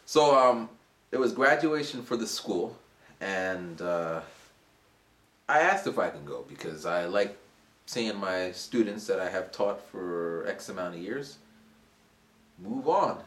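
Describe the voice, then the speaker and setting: A man's voice: slow pace, pauses often. A man around forty, an English teacher, casually telling a rambling story for his vlog. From United States. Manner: animated, rambling, acts out voices in a high pitch. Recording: roomy echo.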